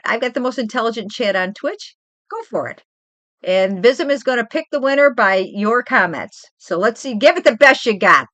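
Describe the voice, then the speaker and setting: An older woman and grandmother hosting a casual livestream chat, rambling and animated as she tells stories from home. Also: on the high side, dry recording. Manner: chatty, rambling, animated storytelling. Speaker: livestream host.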